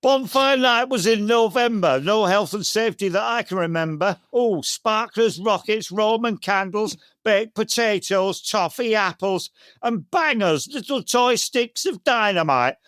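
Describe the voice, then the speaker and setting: A man's voice: sits high, lively intonation, unhurried, a bit bright, no room sound, clean studio sound. A man putting on a northern old-timer's rhyme. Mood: nostalgic. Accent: Northern English. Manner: sing-song comic recitation. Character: nostalgic old northern English man reciting verse.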